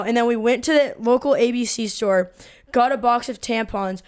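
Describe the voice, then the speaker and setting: A woman in her twenties co-hosting a podcast and telling a story in a casual, animated way, swearing freely and acting out quotes. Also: a little high, moderate pace, clean tone. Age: 20s. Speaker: podcast co-host.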